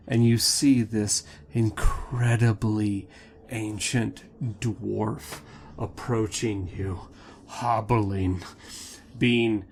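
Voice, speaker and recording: A man narrating a tabletop game as game master in a slow, measured, descriptive way. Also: lowish voice, a little hiss or hum.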